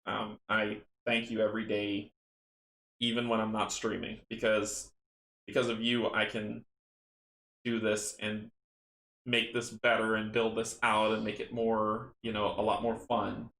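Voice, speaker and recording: A young man with a gravelly, creaky voice talks in a rambling, earnest and grateful way, closing out his stream. The sound carries a roomy echo from his home setup. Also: lowish voice, completely flat delivery, a little slow, a bit bright. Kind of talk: casual stream sign-off chat.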